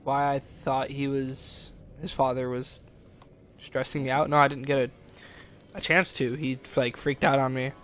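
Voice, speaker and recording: A man's voice: medium pitch, a bit bright. Rambling young man streaming, agitated. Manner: rambling and agitated, many fillers and restarts. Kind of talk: casual stream chat, retelling a conversation.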